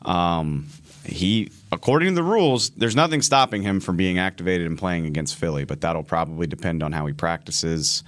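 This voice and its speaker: A man's voice: sits low, lively intonation, normal speed, fairly bright tone, no room sound, clean studio sound. A man co-hosting a casual sports chat, explaining things at length in a conversational way. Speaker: co-host.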